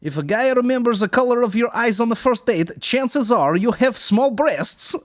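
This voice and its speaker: A man's voice: very high-pitched, expressive, moderate pace, dry recording, pitched above the performer's own voice. A man voicing a smug Russian man in a put-on Russian accent, who tells crude jokes and explains them. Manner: explains each joke, loud and pleased.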